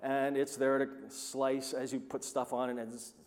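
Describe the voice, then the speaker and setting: A man preaching a sermon who tells stories with animated, acted-out quoted voices. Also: mid-range voice, normal speed, big-room sound. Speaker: pastor.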